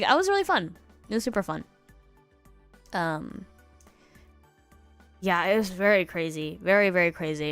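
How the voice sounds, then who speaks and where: A young woman from the United States chatting casually on stream, rambling and giggling and acting out quotes in a higher voice. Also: fairly bright tone, no room sound. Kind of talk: casual chat.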